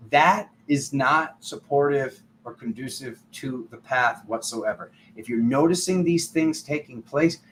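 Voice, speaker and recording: A man's voice: on the high side, a bit bright, slight background noise, low-quality recording. A man giving a tarot reading in a rambling, casual monologue full of fillers, sometimes acting out other people's voices. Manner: rambling, filler-heavy, acts out quoted voices. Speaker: tarot reader.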